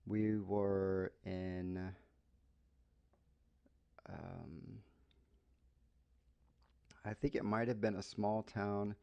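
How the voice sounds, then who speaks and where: Gravelly low-voiced American man telling a story. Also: highs cut off. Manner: relaxed, explains slang for learners. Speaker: English podcast host. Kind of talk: casual storytelling lesson.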